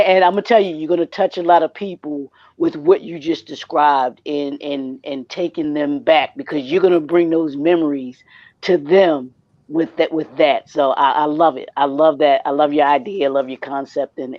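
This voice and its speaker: A man's voice: fairly high pitch, steady tone, normal speed, no room sound, highs cut off. A man, a guest on the show, praising a caller with enthusiastic, repeated phrases. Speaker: guest business consultant. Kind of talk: casual interview chat.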